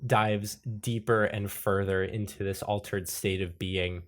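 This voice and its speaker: Steady in tone and a little slow, a man with a lowish voice acts as game master for a tabletop role-playing game. He narrates loosely, swearing and laughing, and jumps abruptly into voices for the characters.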